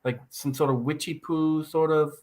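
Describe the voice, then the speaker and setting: A man's voice: a little high, steady tone, normal speed, darkish tone. A man hosting a podcast interview, rambling and hesitant with many fillers. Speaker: podcast host. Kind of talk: casual interview chat.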